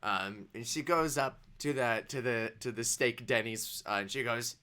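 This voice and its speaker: Bright-voiced rambling game master. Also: male voice, mid-range voice, a little slow. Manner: rambling, full of ums and restarts. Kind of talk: narrating a tabletop game.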